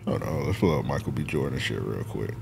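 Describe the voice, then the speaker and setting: A man co-hosting a podcast, talking in animated, profane, teasing casual banter. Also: very deep voice, brisk, creaky, a little hiss or hum. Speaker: podcast co-host.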